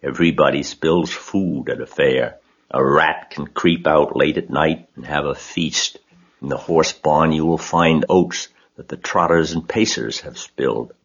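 A sly old sheep from a storybook, read by a man, savoring every word as she lists things slowly. The voice is very deep and husky, and the recording is dull and lo-fi. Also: exaggerated voice. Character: old sly female sheep, tempting talker.

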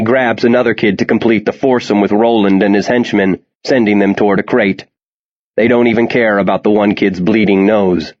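Low-voiced man narrating a tense story. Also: steady tone, moderate pace, dull audio. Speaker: audiobook narrator. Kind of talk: scripted narration.

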